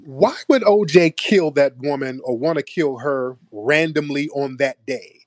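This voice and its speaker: A man's voice: on the high side, a little slow, no room sound. A man hosting a heated debate, pressing his points insistently. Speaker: host.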